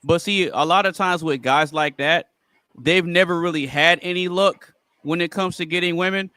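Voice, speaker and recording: A blunt, insistent man with a bright, forceful voice that sits fairly high. He keeps pressing his point in a casual debate, and the sound is dry and close. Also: moderate pace, clear, resonant tone, dry recording. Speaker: podcast panelist.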